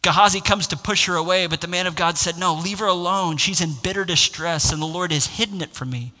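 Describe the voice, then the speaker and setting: A pastor preaches with a high, bright and forceful voice that climbs into impassioned exclamations. His words ring out with a long reverb, as in a church sanctuary. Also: a little fast. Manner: impassioned, builds to raised exclamations. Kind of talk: sermon.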